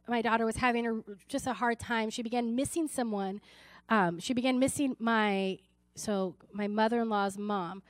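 A woman's voice: on the high side, no room sound. A woman pastor preaching a sermon, earnest and personal, telling stories with frequent restarts. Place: church service.

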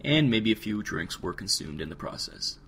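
A man putting on a low narrator voice for joking asides between outtakes. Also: very animated, moderate pace, gravelly, very noisy. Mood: dry. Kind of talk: scripted comic narration.

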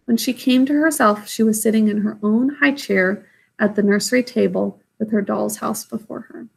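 Woman reading a storybook with vocal fry. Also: medium pitch, fairly even intonation, normal speed, a little mellow. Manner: friendly, explanatory. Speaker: storybook reader. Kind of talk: reading a children's book aloud.

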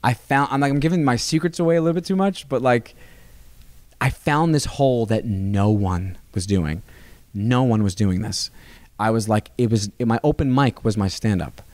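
A man, a stand-up comedian, chatting as a podcast guest in a rambling, animated way with many restarts. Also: mid-range voice, normal speed, no room sound. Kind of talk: casual interview chat. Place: comedy club.

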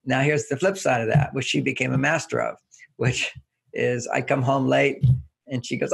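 A man's voice: medium pitch, fairly even intonation, moderate pace, gravelly, a bit bright, breathy edge. A man talking as a guest in an interview, explaining his ideas through homely anecdotes and chuckling as he goes. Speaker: relationship author and guest. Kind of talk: relaxed interview talk.

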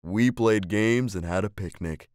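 Man doing a soft-spoken veteran father. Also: lowish voice, unhurried, no room sound, studio quality, natural voice. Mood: tender. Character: warm, calm father and former soldier.

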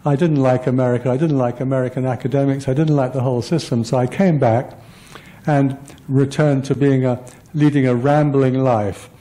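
Older man telling stories in a mellow voice. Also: mid-range voice, poor audio. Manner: rambling, self-deprecating storytelling with many fillers and restarts. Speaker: guest lecturer. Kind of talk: public lecture, personal anecdotes.

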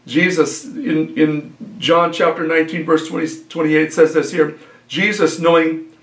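A male pastor giving an earnest, unhurried sermon, often pausing with fillers and repeating phrases. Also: on the high side, flat delivery, reverberant.

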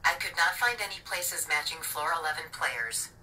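A synthetic woman's voice of a voice assistant, answering politely in an even, machine-like way, played from a device speaker. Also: deep voice, normal speed, recorded from a distance. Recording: device speaker heard from off mic, loud noise.

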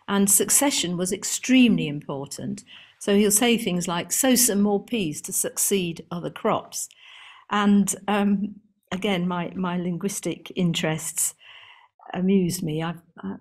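A woman garden historian giving a seminar talk to a room and online audience, chatty and amused, reading out lists with frequent ums and restarts. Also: fairly low pitch.

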